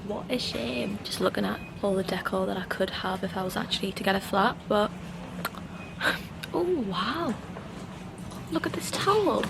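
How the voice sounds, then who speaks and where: A woman in her twenties chatting casually to camera in a vlog, animated and chatty as she tells stories with laughs. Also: mid-range voice, moderate pace, creaky, pauses often, very noisy. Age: 20s. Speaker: vlogger. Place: out and about, shops and street.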